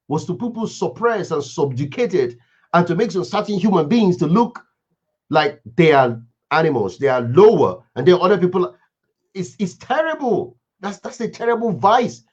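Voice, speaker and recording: A man's voice: a little high, husky. Emphatic man with a preaching cadence. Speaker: speaker giving a moral reflection. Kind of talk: impassioned moral talk. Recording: dull lo-fi recording.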